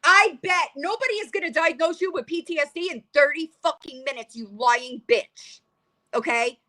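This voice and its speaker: A woman's voice: sits high, moderate pace, bright, forceful tone. A woman ranting angrily in a reaction vlog, heated and profane, confronting someone directly. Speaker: commentary vlogger. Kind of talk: angry reaction rant.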